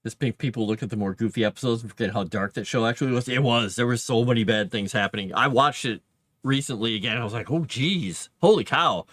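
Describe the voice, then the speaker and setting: A man's voice: mid-range voice, fairly bright tone, dry recording. A man streaming live as he writes fantasy lore, chatting casually and rambling, and reading his drafts aloud under his breath.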